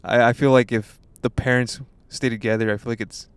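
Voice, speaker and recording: A young man co-hosts a podcast and talks in loose, rambling chat. He restarts his sentences often and swears freely. His voice is smooth and clear, recorded dry and close with no room sound. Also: medium pitch, fairly even intonation, fairly quick, no room sound. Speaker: podcast co-host. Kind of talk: casual chat.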